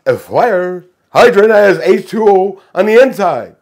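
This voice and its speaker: A man playing a theatrical vampire count, delivering a joke loud and hammy. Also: high voice, expressive, unhurried, pitched above the performer's own voice, heavily acted.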